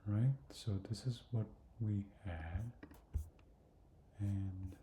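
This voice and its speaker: A man's voice: lowish voice, drawn-out words, warm tone, slight background noise. A man walking through a design tutorial on screen, thinking aloud, hesitant and full of fillers, often dropping to a mutter or whisper. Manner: hesitant, many fillers and restarts. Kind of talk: screen-recorded design walkthrough. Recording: echoey room.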